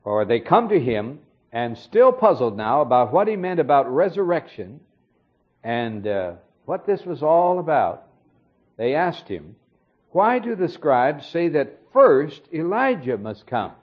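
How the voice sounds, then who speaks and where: A man gives a verse-by-verse sermon, calm and explanatory, now and then pausing on a filler. His voice is husky, and his pitch moves a lot through each sentence. The recording sounds dull and lo-fi. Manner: measured, explanatory, with occasional fillers. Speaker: Bible teacher. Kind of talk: expository sermon.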